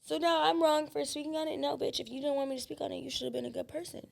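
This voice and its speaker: A woman guest on a podcast, telling her story in a blunt, profane and animated way. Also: high voice, rapid-fire, gravelly. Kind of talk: casual storytelling chat.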